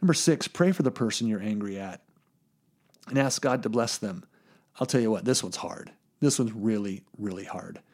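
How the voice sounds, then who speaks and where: A man's voice: lowish voice, expressive, moderate pace, a little mellow, slightly rough. A man preaching a sermon as pastor, earnest and plainspoken, often repeating words as he thinks.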